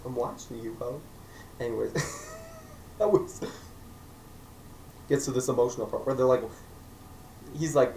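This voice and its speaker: A man's voice: medium pitch, fairly even intonation, normal speed, pauses often, warm tone. Joking man reviewing a movie, echoey room. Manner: joking, acts out characters in silly voices. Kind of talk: casual vlog review. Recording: echoey room, mic at a distance, faint noise.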